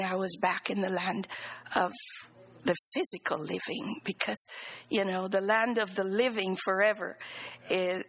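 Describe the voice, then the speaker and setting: A middle-aged woman giving an earnest, halting testimony of thanks in church, sometimes dropping into soft whispered phrases. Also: mid-range voice, low-quality recording.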